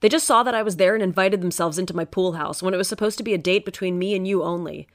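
A woman's voice: on the low side, quick pace, natural voice. A woman voicing a moody teenage boy who is jealous and pleading, speaking in a tense, insistent way.

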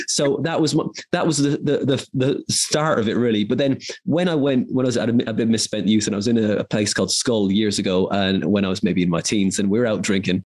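A man in his forties from Ireland, a voice actor telling long, rambling stories in a casual interview. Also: medium pitch. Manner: rambling anecdotal storyteller, quick bursts.

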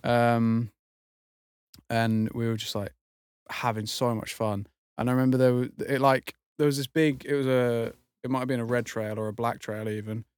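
A man's voice: medium pitch, steady tone, moderate pace, a little mellow, smooth, no room sound, studio quality. A young man, a podcast co-host, telling a rambling story in casual chat, full of fillers and swearing.

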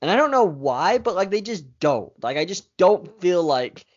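A man's voice: high-pitched, big pitch swings, normal speed, lo-fi sound. Easygoing young man reading sports news. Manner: easygoing, teasing. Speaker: podcast co-host. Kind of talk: casual sports chat.

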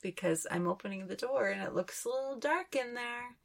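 A woman hosting a podcast, describing inner visions in a slow, dreamy channeling session. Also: on the high side, creaky. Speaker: podcast host.

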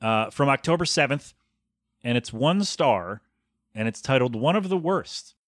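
A man in his thirties talks alone into a podcast microphone, rambling and sarcastic, putting on a mock-professional air. His voice sits at an ordinary middle pitch. The sound is dry and close, with no room around it. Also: expressive, a little slow, fairly bright tone, no echo. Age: 30s. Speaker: podcast host. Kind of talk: casual solo podcast rant.

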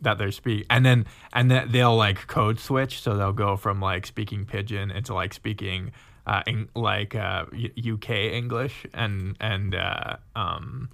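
A man with a low, gravelly voice chats on a podcast. He halts often and restarts his sentences, with lots of fillers. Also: steady tone, a bit bright. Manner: halting, many fillers and restarts. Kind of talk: casual chat.

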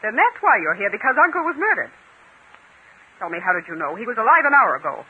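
An actress playing a cold, haughty heiress who talks in a sharp, dismissive, imperious way, in 1940s radio style. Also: female voice, medium pitch, sing-song, quick pace, slight background noise, close to an everyday voice. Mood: alarmed. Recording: tinny lo-fi old radio broadcast.

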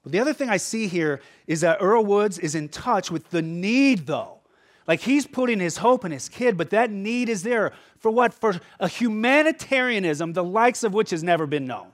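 A man's voice: high-pitched, lively intonation, normal speed. A man preaching a sermon as pastor, conversational and emphatic, often checking in with the listeners.

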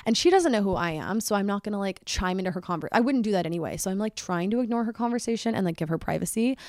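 Young woman, podcast host, chatty, lots of "like", dry close mic, middle pitch. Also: rapid-fire, dry recording. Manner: chatty, fills speech with "like"; excitable, voice jumps up when worked up. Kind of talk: solo storytelling podcast.

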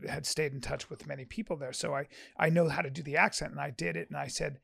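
Gravelly-voiced man in a dry close recording. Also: fairly high pitch, steady tone, fairly bright tone, no echo. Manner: rambling, halting restarts, earnest, swears. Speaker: stand-up comedian and podcaster. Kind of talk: casual podcast chat.

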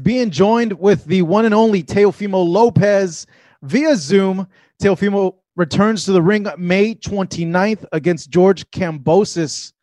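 A man hosting a casual interview, friendly and relaxed, with some stammering restarts. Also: high voice, unhurried, no echo, faint music behind. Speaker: interviewer and channel founder.

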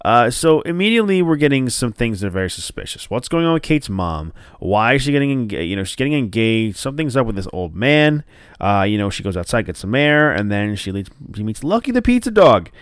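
Smooth-voiced man rambling through a recap. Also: mid-range voice, very animated, a little fast, no echo, clean studio sound. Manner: rambling, many fillers and restarts, swears casually. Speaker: show recapper. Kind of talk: casual episode recap.

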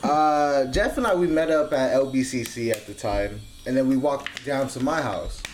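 A man's voice: mid-range voice, normal speed, darkish tone, a little hiss or hum. A young man hosting a podcast, telling a story in casual, slang-heavy chat. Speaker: podcast host.

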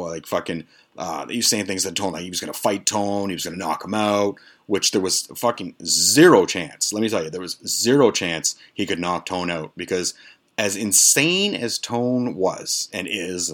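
A man tells a story on his podcast. His voice sits very low. He swears freely and rambles, with plenty of fillers and restarts. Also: fairly bright tone. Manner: profane, rambling, lots of fillers. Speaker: podcast host. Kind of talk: casual storytelling.

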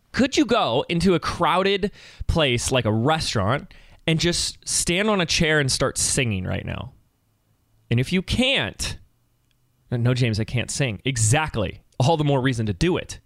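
A man in his thirties hosting a solo podcast, talking in an energetic, conversational coaching manner. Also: medium pitch, dry recording, clean studio sound. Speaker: podcast host.

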